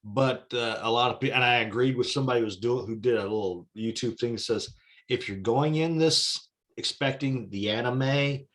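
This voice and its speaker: Halting man in casual chat. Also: mid-range voice, fairly bright tone. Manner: halting, restarts often, agreeable.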